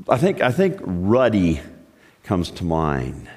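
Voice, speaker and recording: A man's voice: sits low, wildly swooping pitch, takes it slowly, darkish tone. A man preaching a sermon, telling the story in a playful, joking way. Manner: playful, jokey. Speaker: pastor. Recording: echoey hall.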